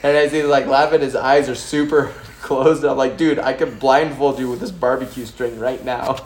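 A man's voice: mid-range voice, fairly even intonation, normal speed, darkish tone. A man in casual chat, joking around and laughing often. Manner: joking banter, frequent laughter. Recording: echoey room with faint background noise.

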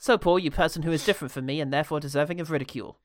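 A man's voice: on the high side, very fast, no echo. Sarcastic man riffing, dry close mic. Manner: sarcastic, mocking, swears freely. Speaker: podcast co-host. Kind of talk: casual film review banter. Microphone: earphone headset.

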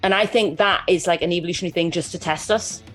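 A woman's voice: on the low side, fast talker, a bit bright, faint music behind. A woman co-hosting a nature podcast, rambling and giggly in casual chat. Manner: rambling, giggly, lots of fillers. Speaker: podcast co-host.

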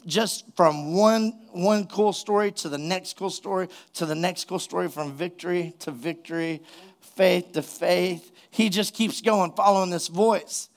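A man preaching a sermon as pastor, retelling a story casually before building to emphatic exhortation. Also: high voice.

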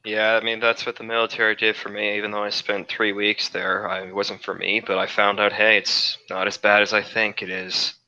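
Young man, lowish sharp voice, easygoing with fillers, dull lo-fi mic. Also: level tone, brisk, hardly any pauses. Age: young adult. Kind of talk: casual podcast chat.

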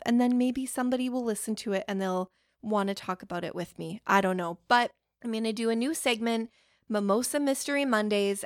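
A woman's voice: fairly high pitch, no room sound, clean studio sound. Chatty, swearing woman podcaster. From Canada. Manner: chatty, rambling, profane, laughs at herself. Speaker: podcast host. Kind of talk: casual storytelling monologue.

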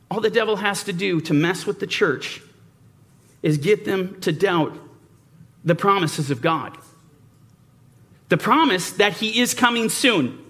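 A man's voice: very high voice, fairly bright tone. A man preaching a sermon, emphatic, asking rhetorical questions and mimicking doubters. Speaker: Bible teacher.

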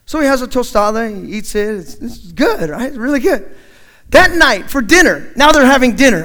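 A man's voice: extremely high pitch, normal speed. A man preaching a sermon, quoting scripture and then telling a story with acted-out dialogue. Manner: animated storyteller acting out dialogue.

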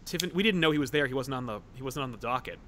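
A man's voice: mid-range voice, animated, very fast, fairly bright tone, a little hiss or hum. A man hosting a podcast, chatting casually about comics with lots of fillers and stories. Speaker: podcast host. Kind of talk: casual chat.

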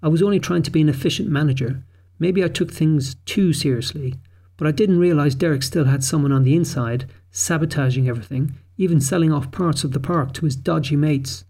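Earnest woman park manager owning up, a man reading her, mellow tone. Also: on the high side, fairly quick. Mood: earnest confession.

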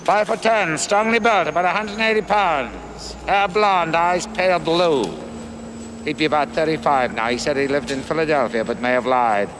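An actor playing an icy, taunting killer. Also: male voice, on the high side, lightly acted. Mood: mocking. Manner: slow, mocking, coldly menacing. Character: icy, taunting middle-aged male killer psychiatrist. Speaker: film character. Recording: noisy film soundtrack clip.

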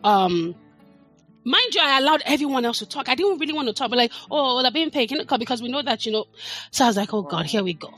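A woman's voice: on the high side, very animated, quick pace, fairly bright tone, faint music behind. A middle-aged woman, talking as a podcast guest in a passionate, emphatic way, leaning hard on her words. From Nigeria. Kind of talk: casual chat.

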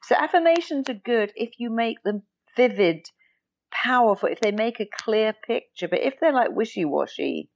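A woman's voice: on the high side, animated, normal speed. A woman therapist explaining ideas emphatically in an interview and acting out example phrases in shifting tones. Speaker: therapist guest. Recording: dull lo-fi recording.

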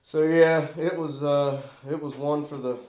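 A man spins a rowdy, profane story in casual chat, laughing as he lands each punchline. His voice sits fairly high and carries a lot of energy. The room around him is echoey. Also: fairly even intonation, a little slow, crowd noise.

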